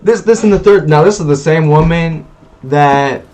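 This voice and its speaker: A man telling a personal story in a casual vlog, animated and slangy, acting out sounds as he goes. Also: a little high, moderate pace. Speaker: vlogger.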